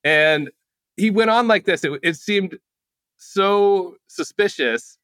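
A man with a bright, forceful voice sits as a guest author, spinning animated stories with lots of casual "like" fillers. He jumps into other people's voices to act out quotes, pitched a bit above the usual male range. The sound is close and dry. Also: takes it slowly, no room sound. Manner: lively, acts out quotes with raised voice, casual "like" fillers. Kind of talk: animated anecdotal storytelling.

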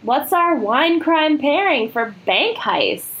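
A giggly, easygoing woman from Minnesota co-hosts a podcast. She speaks very slowly. Her voice sits a bit higher than most. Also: very animated, a bit bright. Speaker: podcast co-host. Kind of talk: casual chat.

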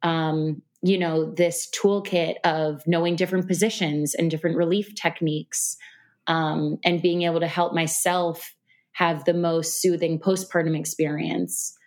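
A woman guest on a podcast, talking in a relaxed, reflective way, with lots of fillers. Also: deep voice, measured pace. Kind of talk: casual interview conversation. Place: New York City.

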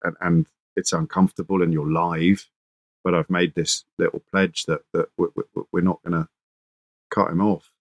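A man's voice: sits low, little pitch movement, normal speed, no room sound. A male radio presenter, a guest on a podcast, telling stories fluently and casually with repeated small words. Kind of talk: casual interview chat.

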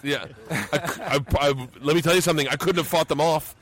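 A man's voice: fairly high pitch, fairly quick, a crowd in the background. A man hosting a podcast at a comedy club, telling profane, self-mocking stories and acting out what people said. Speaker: podcast host. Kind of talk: casual chat, storytelling.

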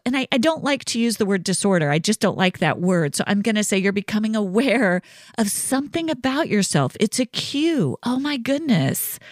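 Woman, podcast host, reassuring, conversational, mid pitch, dry close sound. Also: no room sound. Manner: warm reassuring, conversational with many "right?" asides. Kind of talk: solo podcast teaching.

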